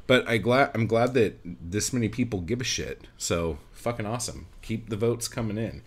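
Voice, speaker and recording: Man, podcast host, fairly low voice, profane heated rant, sarcastic. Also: expressive, normal speed, slightly rough. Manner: swears constantly, heated and sarcastic. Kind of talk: profane ranting monologue.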